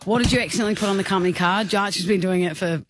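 A man's voice: high-pitched, rapid-fire, background noise. A man with an Australian accent, co-hosting a radio show and teasing his partner with frequent laughter. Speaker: radio co-host. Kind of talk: casual radio banter. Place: radio studio.

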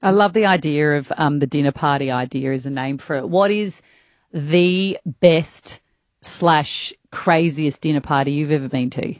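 A woman with an Australian accent co-hosts a drive-time radio show. Her voice is on the lower side and sounds close and dry, and she asks questions in a chatty, teasing way. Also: moderate pace, dry recording. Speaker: radio co-host. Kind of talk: radio interview.

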